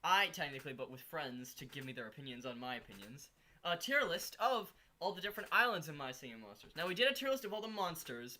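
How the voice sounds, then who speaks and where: A bright, animated streamer host chatting casually with friends and viewers. The voice bounces around in pitch and has a crisp, forward edge, with plenty of rambling and self-mocking asides. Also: a little hiss or hum. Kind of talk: casual live-stream chat.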